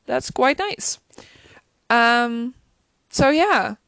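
A woman's voice: on the high side, lively intonation, extremely slow, creaky, fairly bright tone, clean tone, no echo. A woman chatting casually and gushingly about a TV episode, full of restarts. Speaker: show reviewer.

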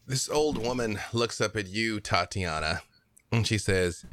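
An expressive male game master narrates a tabletop game at an unhurried pace. His voice is bright, and his pitch moves up and down a lot. He sits on the lower side of the male range.

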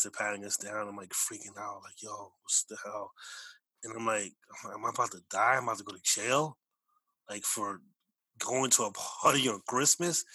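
A man's voice: mid-range voice, sharp tone, dry recording, low-quality recording. A man telling a personal story in an emphatic, repetitive way, often correcting himself. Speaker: storyteller recounting a personal experience.

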